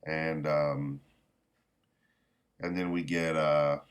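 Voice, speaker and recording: Low-voiced rambling man chatting. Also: little pitch movement. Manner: rambling, halting with many restarts; candid, mildly profane fan. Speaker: manga reviewer. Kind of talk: casual chat.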